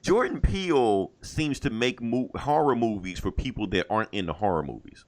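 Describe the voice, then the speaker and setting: A man's voice: medium pitch, very animated, moderate pace. A man co-hosting a podcast in casual chat, emphatic, swearing freely and laughing. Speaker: podcast co-host.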